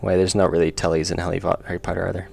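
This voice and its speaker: Low gravelly man muttering while he draws. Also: little pitch movement, rapid-fire, a little mellow. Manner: muttering to himself, self-deprecating asides. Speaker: indie game developer streaming. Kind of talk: casual livestream commentary while drawing.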